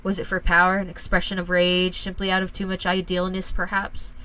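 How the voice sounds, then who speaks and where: A woman voicing a stern middle-aged father who speaks gravely and deliberately, lecturing his son. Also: lowish voice, completely flat delivery, fairly bright tone, close to an everyday voice, low-quality recording.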